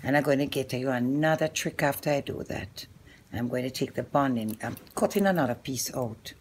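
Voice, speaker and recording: This is a hair vlogger, a woman with a Jamaican accent and a bass voice, speaking at a moderate pace over a faint hiss or hum. She chats casually and instructively, talking straight to her viewers as she guides them step by step through making a wig.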